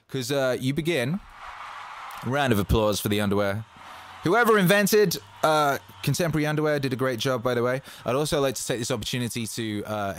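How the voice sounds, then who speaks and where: A man hosting a casual motivational monologue, swearing freely and rambling with bursts of excitement. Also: fairly low pitch. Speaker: host.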